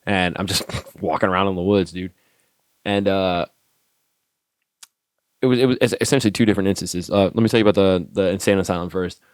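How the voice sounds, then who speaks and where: Brief: male soldier guest, very deep voice, dry close sound, swears freely while acting out dialogue. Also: dry recording. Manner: profane, animated storyteller acting out dialogue. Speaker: podcast guest, army staff sergeant. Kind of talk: casual storytelling.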